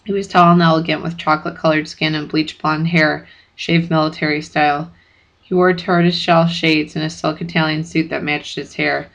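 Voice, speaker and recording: A narrator reading a first-person chapter book aloud in steady, plain audiobook narration. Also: mid-range voice, vocal fry, low-quality recording.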